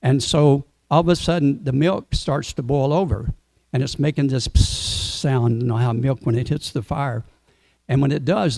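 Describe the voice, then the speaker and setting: A man with a gravelly, low-lying timbre tells a devotional story to a gathered audience. His tone is dark and mellow, and the sound is dry and close. He talks in a relaxed way and now and then asks the listeners questions. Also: no echo. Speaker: speaker at a temple Sunday program. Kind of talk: storytelling sermon.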